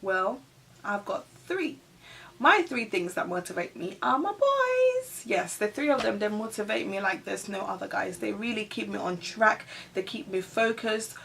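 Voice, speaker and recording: A woman's voice: mid-range voice, sing-song, moderate pace, vocal fry, a bit bright, distant mic, a little hiss or hum. A woman in her thirties, a mother, chatting casually to her viewers in a Q&A tag video, laughing often. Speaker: vlogger.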